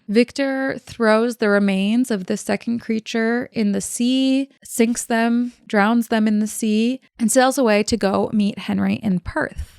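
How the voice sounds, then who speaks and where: A young woman podcast host retells a classic novel in a loose, irreverent chat full of slangy asides. Her voice is gravelly with fry yet smooth and resonant, and it sounds dry and close to the mic. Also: fairly high pitch, fairly even intonation, a little slow, hardly any pauses, darkish tone, no room sound. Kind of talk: casual book-report retelling.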